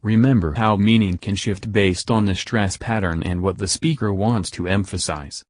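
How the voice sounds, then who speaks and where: A man narrating a scripted English pronunciation lesson in a measured, instructive way. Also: on the low side, dry recording, clean studio sound.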